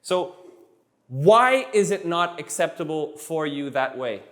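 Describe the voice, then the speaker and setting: A man with a high voice teaches a live class, joking and hamming things up. He drills words again and again and stumbles on restarts as he goes. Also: lively intonation, slow pace, a bit bright. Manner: playful, jokey, repeats words for drill. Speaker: Spanish teacher.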